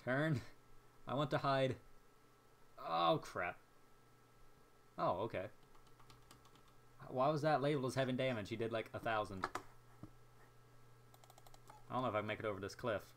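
Excitable young man narrating his gameplay. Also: medium pitch, normal speed, long pauses. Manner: excitable, jokey, talks to himself while playing. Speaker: gameplay commentator. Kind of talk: casual gameplay commentary.

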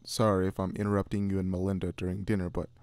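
A man voicing an excitable, protective middle-aged farmer father who gives firm orders. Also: sits low, fast, no room sound. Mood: excited. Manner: excited, commanding.

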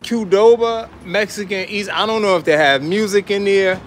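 A man's voice: high voice, moderate pace, a little hiss or hum. A man hosting a casual walk-and-talk vlog, upbeat and talking straight to his viewers as he walks through the city and into a restaurant. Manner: upbeat, addresses viewers as y'all. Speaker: vlogger. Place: city street, then inside a restaurant.

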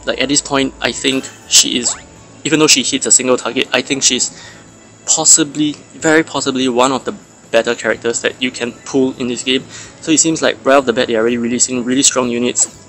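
A man's voice: medium pitch, steady tone, brisk, a bit bright, faint music behind. A man hosting a mobile game channel, chatting casually and analytically about characters and stats, with fillers and restarts.

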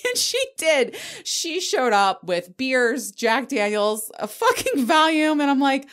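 A woman's voice: sits high, big pitch swings, takes it slowly, fairly bright tone. A woman around forty hosting a podcast, telling a story in casual chat, candid, swearing freely and laughing as she goes. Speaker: podcast host.

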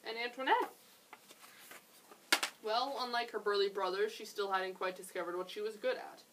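A young woman, a children's librarian, reading a picture book aloud in a gentle, expressive way with chatty asides. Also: medium pitch, normal speed, far from the mic, slight background noise, poor audio.

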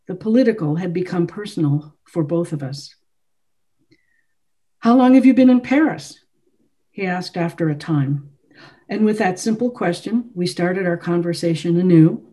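A woman author reads her own novel aloud. She narrates in the first person, with a mellow, soft tone. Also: on the low side.

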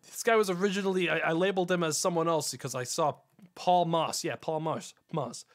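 On the high side and a little fast, a gaming streamer's voice carries casual live commentary on a mystery game, with him working things out aloud and talking to his chat.

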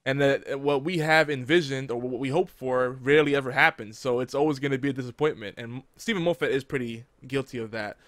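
Male host, relaxed chat, quick bursts, laughs a lot, dry close mic. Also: medium pitch, no echo. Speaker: podcast host. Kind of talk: casual chat.

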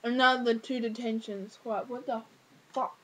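A woman's voice: on the high side, steady tone, moderate pace, pushed and bright, slight background noise, poor audio. A teenage girl, ranting casually to camera with lots of fillers, exasperated. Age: teens. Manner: exasperated, rambling with many fillers. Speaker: vlogger.

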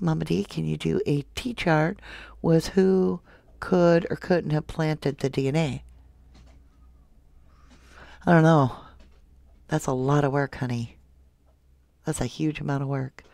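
A soft-spoken woman hosting a true crime livestream, reading viewer comments aloud and calling her viewers love and honey. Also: low-pitched, a little slow, creaky, long pauses, no room sound. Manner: affectionate toward viewers, calls them love and honey. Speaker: true crime channel host.

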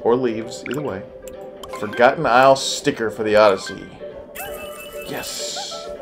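A man playing a video game with his child, chatting casually and cheering excitedly, game music behind him. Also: medium pitch. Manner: excitable, cheers his kid on with rapid repeated urging. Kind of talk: casual gameplay chat.

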